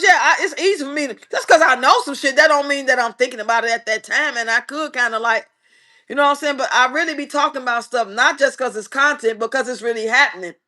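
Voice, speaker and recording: A middle-aged woman hosting a casual livestream, chatting playfully and reading viewers' comments aloud. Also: a little high. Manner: lively, playful, talks straight to viewers. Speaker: livestream host.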